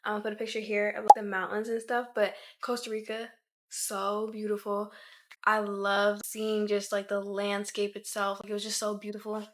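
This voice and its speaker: Speaking at medium pitch and normal speed, this 20-year-old Maryland woman sounds monotone yet fairly bright. She's a YouTuber answering questions in a relaxed vlog, chatty and leaning heavily on the filler "like."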